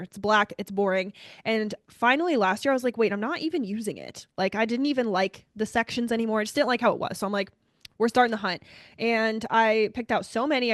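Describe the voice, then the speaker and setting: A young woman co-hosting a podcast, chatting casually and brightly, often addressing listeners as "you guys.". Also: a little high, dry recording, studio quality. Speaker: podcast co-host. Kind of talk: casual chat.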